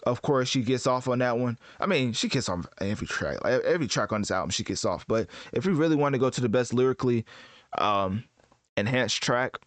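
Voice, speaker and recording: A man giving casual commentary as host, rambling and correcting himself in relaxed slang. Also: mid-range voice, dry recording. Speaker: host ranking rappers.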